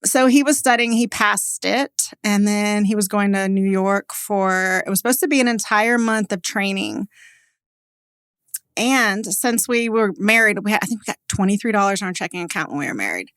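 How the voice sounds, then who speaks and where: Podcast guest: woman in her forties from Texas, mid-pitched, candid storyteller, chatty fillers, dry close sound. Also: animated, a bit bright, clear, resonant tone, no echo. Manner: candid and conversational, many "like" fillers, quick laughs. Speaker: guest, business owner. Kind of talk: personal storytelling in a podcast interview.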